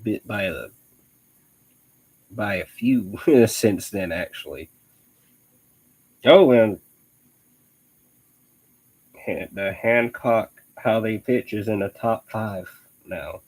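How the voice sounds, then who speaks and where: Husky-voiced young man chatting casually. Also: lowish voice, darkish tone, rough recording. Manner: rambling, laughs often, frequent restarts. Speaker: host of a live online show. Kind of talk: casual live-stream chat.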